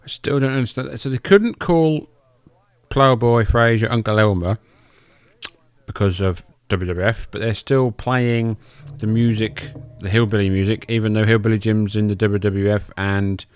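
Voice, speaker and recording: A man hosts a podcast and gives casual, loose play-by-play over old wrestling tapes, joking and swearing freely. His voice is smooth and resonant. It is recorded close in a dry, deadened room. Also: lowish voice, steady tone, moderate pace, no echo. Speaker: podcast host.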